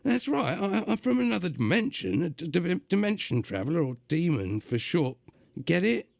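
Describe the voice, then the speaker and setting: Brief: male reader doing a gruff London-accented demon, high and gravelly, impatient. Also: sing-song, moderate pace, a little mellow, no room sound, studio quality, full character voice. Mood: exasperated. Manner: gruff, exasperated.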